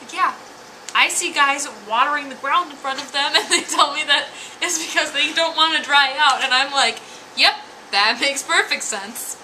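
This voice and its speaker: A woman's voice: sits high, normal speed, sharp tone, slight background noise, poor audio. A tipsy woman giving a rambling, giggly, profane comic review. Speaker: anime reviewer.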